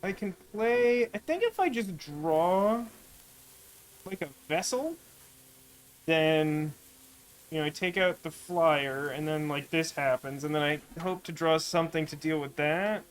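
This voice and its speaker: A man's voice: fairly high pitch, measured pace, clear, resonant tone. A man streaming a card game, chatting in a wry way as he thinks aloud about his moves. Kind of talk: let's-play commentary.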